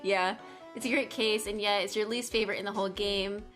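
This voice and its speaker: A woman's voice: medium pitch, steady tone, brisk, a bit bright, faint music behind. A woman streaming a game, chatting casually with crude, playful jokes.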